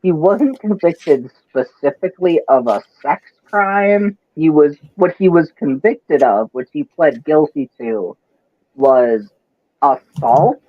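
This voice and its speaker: A man's voice: a little high, lively intonation, slow, lo-fi sound. A man from Wisconsin with a Wisconsin accent, ranting in casual, profane chat.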